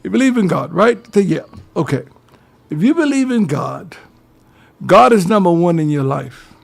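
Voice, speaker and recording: A man's voice: high voice, animated, moderate pace, creaky. An older man, giving preachy advice on a talk radio show and calling his listeners fellas. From Georgia, US.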